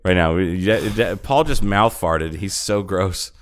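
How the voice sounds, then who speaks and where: A man's voice: deep voice, measured pace. A man co-hosting a casual podcast, teasing his friend with crude, profane jokes, close on a studio mic. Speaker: podcast co-host. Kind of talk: casual chat. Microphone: studio mic with pop filter.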